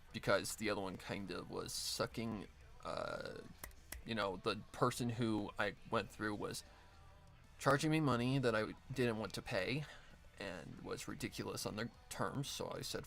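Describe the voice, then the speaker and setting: A man's voice: lowish voice, creaky, fairly bright tone. A man streaming while he edits an audio drama, chatting casually in a rambling, self-correcting way and swearing now and then. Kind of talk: casual live-stream chat.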